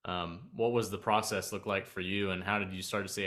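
A man's voice: sits low, steady tone, a little fast, a bit bright. A man hosting an interview, asking questions with loose fillers. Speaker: interview host. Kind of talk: casual interview conversation.

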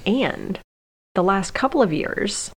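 A woman's voice: mid-range voice, expressive, takes it slowly, slight background noise. Chatty woman finishing her partner's sentences. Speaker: co-host. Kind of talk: casual chat.

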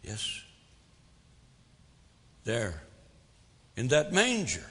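Folksy preacher, gravelly, booming hall. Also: male voice, huge pitch swings, very slow, long pauses, a bit bright. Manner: folksy, rhetorical questions, dramatic swells and drops. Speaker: pastor. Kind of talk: sermon.

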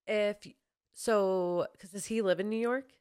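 Podcast host reacting to a story. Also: female voice, mid-range voice, fairly even intonation, unhurried, darkish tone, clean tone. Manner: reacts with short interjections and opinions. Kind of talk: casual chat.

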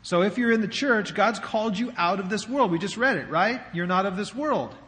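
A man's voice: sits high, animated, brisk, a bit bright. A man preaching a sermon as pastor, in a conversational way with rhetorical questions, in a church sanctuary. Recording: long hall reverb.

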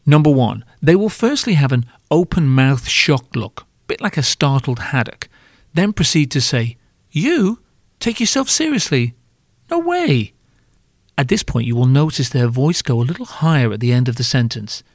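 A man's voice: medium pitch, expressive, normal speed, dry recording. Man, podcast host, comic monologue, wry, self-mocking, sweary, dry close sound.

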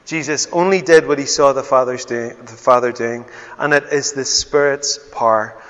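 A man preaching a sermon as pastor, swinging from loud exclamations to hushed, tender words. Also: mid-range voice, moderate pace. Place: church hall. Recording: dull sound with long church reverb.

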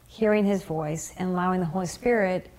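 Encouraging woman podcast host, low voice. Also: a little mellow. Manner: encouraging, affirming, halting at times. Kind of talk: casual faith conversation.

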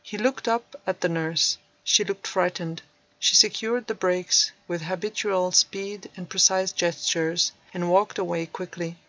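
A woman narrating a storybook in a measured, even way. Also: fairly low pitch, no echo. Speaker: audiobook narrator. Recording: dull dry recording.

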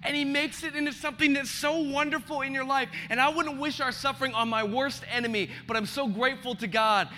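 A male pastor in his thirties preaching a sermon in a large church, moving from hushed confession to loud, emotional peaks. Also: very high-pitched, steady tone, fairly quick, hardly any pauses, slight background noise. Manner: impassioned, swings from hushed to shouting. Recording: long church hall reverb.

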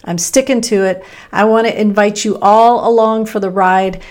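A middle-aged woman from Texas with a Midwestern American accent hosts a solo podcast, sounding upbeat and conversational and using emphatic pauses. Her voice is medium-pitched with fairly even intonation and a darkish tone.

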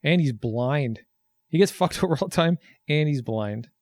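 A man's voice: a little high, expressive, normal speed, darkish tone, dry recording. A man in casual chat about a movie, easygoing and swearing freely, calling his friend dude and man. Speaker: movie watch-along co-host.

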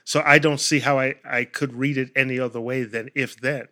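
Bright-voiced man arguing over a verse. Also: mid-range voice, steady tone, a little fast. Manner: careful reader, argues his point insistently. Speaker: Bible study participant. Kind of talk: scripture reading and discussion.

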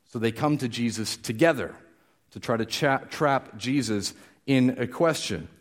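A man's voice: mid-range voice, unhurried. A man preaching a conversational, explanatory sermon, often restarting his phrases.

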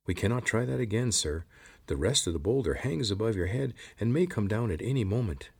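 A man's voice: on the low side, lively intonation, brisk, gravelly, slightly rough, pitched above the performer's own voice, heavily acted. A man voicing a loyal, formal male lizard who speaks with careful deference in a storybook reading. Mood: earnest, anxious. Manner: formal, deferential, calls everyone sir, no contractions.

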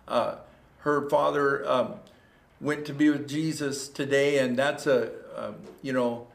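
A man's voice: mid-range voice, fairly even intonation, unhurried, vocal fry. A man preaching a livestreamed sermon as a pastor, earnest and repetitive, building to exhortation. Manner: earnest, repeats phrases, rises to exhortation. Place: church room. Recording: echoey room.

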